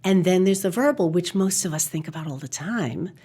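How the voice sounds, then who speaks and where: A woman's voice: fairly low pitch, lively intonation, brisk, dark tone, breathy edge. A middle-aged woman, a communication coach, speaking as a guest in a podcast interview, articulate and emphatic.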